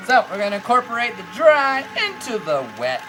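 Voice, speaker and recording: A woman's voice: a little high, very animated, fairly quick, noisy background. Playful woman hosting a cooking demo. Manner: playful, rambling, joking. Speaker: cooking show host. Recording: background music.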